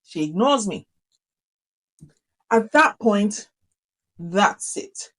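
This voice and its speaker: A middle-aged woman teacher talks to camera about keeping order in a classroom, her voice sitting at an ordinary middle pitch. She is animated and emphatic, leaning hard on key words and repeating short phrases to drive each point home. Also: very slow, low-quality recording. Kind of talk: instructional talk to camera.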